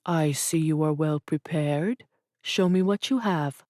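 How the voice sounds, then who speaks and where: A woman narrator voicing a gentle, proud older father, a businessman with an Arabic accent, speaking low and courteously. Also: measured pace, no room sound, clean studio sound. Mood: fond, courteous. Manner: courteous, fond and exacting.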